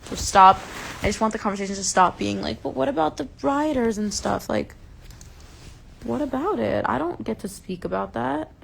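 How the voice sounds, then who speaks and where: A woman's voice: on the high side, lively intonation, moderate pace, gravelly, slight background noise. A young woman hosting a casual livestream from home, passionately ranting and swearing, openly upset. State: upset and enraged. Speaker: livestream host. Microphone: phone.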